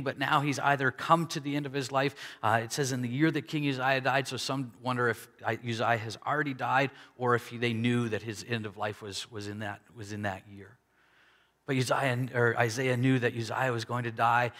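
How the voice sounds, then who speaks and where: A man preaching a sermon, conversational and animated, voicing the people in his story. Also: mid-range voice. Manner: conversational preaching with dramatic quoted dialogue. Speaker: pastor. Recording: long hall reverb.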